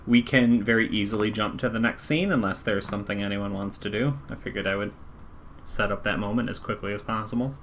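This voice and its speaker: A man acting as dungeon master in a tabletop game, narrating scenes in a relaxed, casual way. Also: fairly low pitch, fairly quick, a little hiss or hum.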